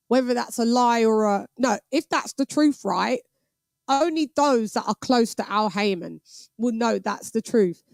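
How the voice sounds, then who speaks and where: Woman, stream host, animated and cheeky, slightly high voice, dry close sound. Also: no room sound. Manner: animated, laughs often, talks back to chat. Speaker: boxing show host. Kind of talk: casual live-stream chat.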